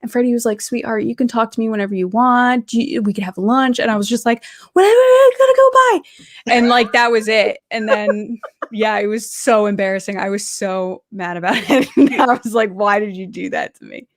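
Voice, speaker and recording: A woman in casual chat, telling lively anecdotes and acting out the quoted lines. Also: mid-range voice, fairly quick, hardly any pauses, dry recording, clean studio sound.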